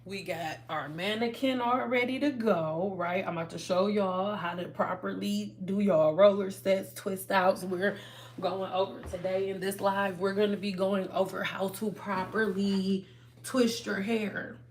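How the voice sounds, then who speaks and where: A woman's voice: mid-range voice, measured pace. Emphatic woman hosting a hair livestream. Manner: animated, emphatic, addresses viewers as y'all. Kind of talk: casual livestream talk to viewers. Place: at home.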